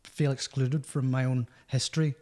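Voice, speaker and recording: A man's voice: medium pitch, level tone, normal speed, dark tone. A man, a musician telling rambling, self-mocking stories as a podcast guest. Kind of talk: storytelling podcast chat.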